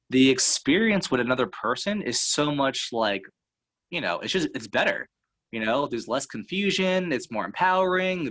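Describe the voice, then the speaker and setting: A man's voice: mid-range voice, a bit bright, rough recording. A man talking as a sales and motivational speaker in casual coaching talk, rambling and full of fillers and tag questions.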